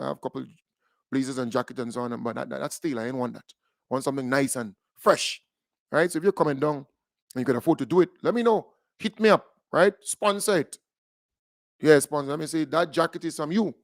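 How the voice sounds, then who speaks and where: A Grenadian man hosting a call-in radio show, talking in a lively, joking way with Caribbean creole phrasing. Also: medium pitch, vocal fry, dry recording, studio quality. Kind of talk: casual radio talk with a caller.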